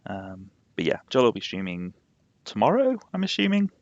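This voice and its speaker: This is casual, rambling live-stream chat over a game from a young man whose Yorkshire accent leans slightly posh; he's from England and laughs frequently. His lowish voice swings hugely in pitch at a normal speed. There's no echo, and the high frequencies are cut off.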